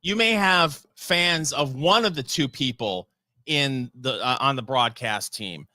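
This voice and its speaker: Co-host, male; bright, clear voice; dry, wry delivery, close and dry recording. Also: medium pitch, a little slow, dry recording. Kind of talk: casual chat about football.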